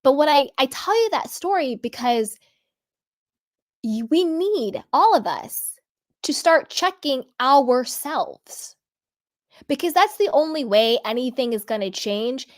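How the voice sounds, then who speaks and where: A woman hosting a reality TV commentary vlog, speaking earnestly and candidly and stretching out the words she wants to stress. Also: fairly high pitch. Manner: candid, personal storytelling. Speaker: vlog host.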